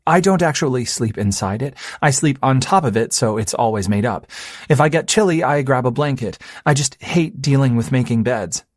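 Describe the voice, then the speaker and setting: A man's voice: medium pitch, lively intonation, moderate pace, dry recording, clean studio sound, pitched above the performer's own voice, lightly acted. A man voicing a blunt, unconventional young woman in an audiobook, speaking in a candid, matter-of-fact way.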